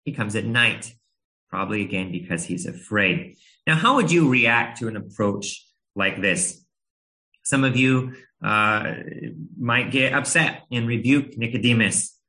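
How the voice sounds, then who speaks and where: A man in his thirties preaching a sermon, telling a family story in an earnest, gentle way with a few hesitations. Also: mid-range voice, measured pace, poor audio.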